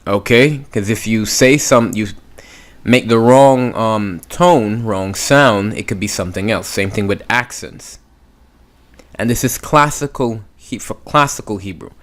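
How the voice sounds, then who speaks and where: A man teaching a beginners' language lesson, patiently sounding out words and repeating them. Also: lowish voice. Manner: patient, drawn-out pronunciation demos. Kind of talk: slow spoken lesson.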